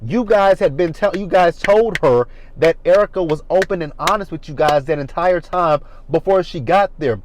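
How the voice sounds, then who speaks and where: A man's voice: on the high side, normal speed, hardly any pauses, a little hiss or hum, low-quality recording. A man in his thirties giving a blunt, profane casual recap of a reality TV episode from his car. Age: 30s. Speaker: reality TV reviewer. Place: parked car.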